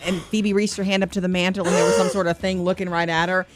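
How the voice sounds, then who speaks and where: A woman's voice: on the low side, level tone, quick pace, faint music behind. Chatty woman radio co-host. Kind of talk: casual chat.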